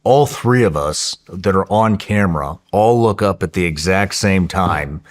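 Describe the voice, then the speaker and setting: A low-pitched man, talking a bit slowly, shares a story in a podcast interview. He's laid-back but excitable and profane, often backing up to begin his sentences again.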